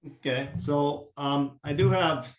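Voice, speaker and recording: Higher-voiced host in an echoey room. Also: male voice. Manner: halting, with many fillers and restarts. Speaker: podcast host. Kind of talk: interview questions. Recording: roomy echoey mic.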